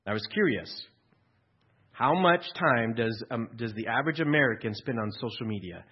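A man's voice: mid-range voice, expressive, normal speed, slightly rough, dull audio. A male pastor preaching a sermon in a church, talking conversationally with dry humor and acting out quotes.

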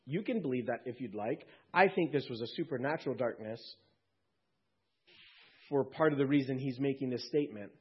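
A man with a husky, slightly breathy voice preaches to his congregation. He talks in a loose, conversational way and drops light quips between points. The sound is dull and lo-fi. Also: medium pitch, fairly quick. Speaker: pastor. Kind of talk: sermon.

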